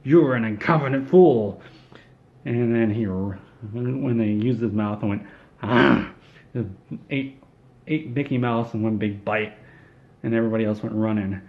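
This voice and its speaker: A man's voice: lowish voice, steady tone, normal speed, muffled recording. A man telling an absurd comedic story in a rambling, offhand way. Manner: rambling, offhand, with fillers and restarts.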